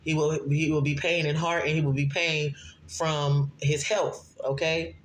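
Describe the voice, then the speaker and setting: A man delivering a prophetic sermon, reading scripture slowly and pausing often to ask "okay?". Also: on the high side, level tone, a little hiss or hum. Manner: frequent checking "okay?" asides, slow deliberate scripture reading. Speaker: self-described prophet and messenger.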